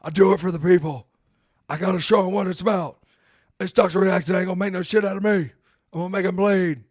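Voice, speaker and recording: A brash, reckless wrestler pumps himself up, his voice raised high and loud with swagger. A man puts him on while telling a story on a podcast. The sound is dry and close. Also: steady tone, fast, dry recording. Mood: defiant. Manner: boastful, hyped-up.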